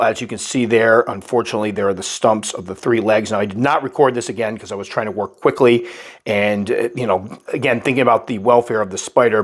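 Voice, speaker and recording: A man with a slightly stuffy voice, calmly narrating a casual update about caring for his pet tarantula. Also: on the low side. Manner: calm, explanatory, patient. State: stuffy, recovering from illness. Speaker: tarantula keeper and channel host.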